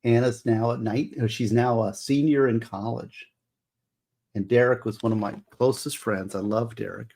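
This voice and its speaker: A man's voice: medium pitch, steady tone, normal speed, creaky, darkish tone. A middle-aged man hosting a casual livestream, rambling and emotional as he explains law. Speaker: livestream host.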